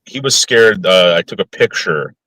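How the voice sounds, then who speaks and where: A man from the United States chatting casually on a live stream, halting and repeating words as he talks. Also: deep voice, expressive, bright, forceful tone, no echo, rough recording.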